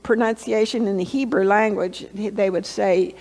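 A woman's voice: mid-range voice, steady tone, moderate pace, a little mellow. A woman pastor giving a conversational sermon, telling stories with fillers and asides. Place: church sanctuary. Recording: church hall reverb.

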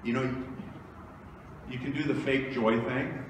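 A pastor delivers a sermon in a church sanctuary, preaching conversationally and posing rhetorical questions. His medium-pitched voice is a little slow with fairly even intonation. The recording picks him up from far off in the echoey hall, against a noisy background.

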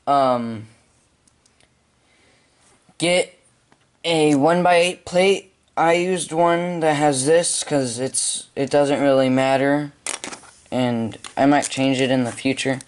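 A man giving step-by-step building instructions at home, halting with frequent ums. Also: medium pitch. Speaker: hobby video maker.

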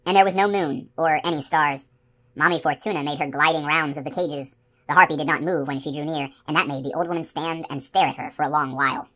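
A woman narrating a novel as an audiobook, with steady, expressive storytelling. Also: low voice, fairly quick.

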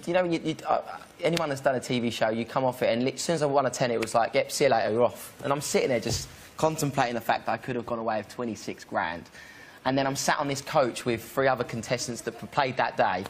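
A man's voice: mid-range voice, fast talker. A young man, a chat show guest chatting and laughing through a story. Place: television studio with audience. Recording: noisy studio, loud audience.

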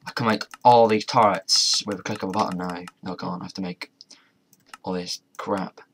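With a low, fairly bright voice and fairly even intonation, a young gamer commentates at normal speed on a modded game, muttering to himself and swearing mildly along the way. There's a little hiss or hum, plus faint keyboard and mouse clicks.

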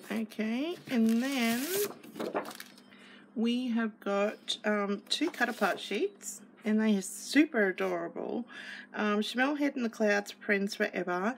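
Slow-talking woman with a gravelly voice. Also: mid-range voice, a little hiss or hum, poor audio. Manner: gushing and chatty, with many fillers. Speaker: craft kit reviewer. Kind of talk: casual unboxing chat.

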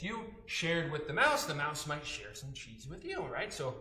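Male children's storyteller, playful, bright, lively pitch. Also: normal speed, slight background noise. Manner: animated, sound effects and sung noises. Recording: roomy echo.

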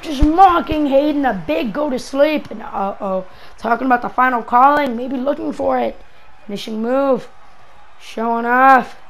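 A woman with a high-pitched, creaky voice gives move-by-move commentary on a wrestling match in a game. She's excitable and shouts whenever a big move lands. The audio quality is poor.

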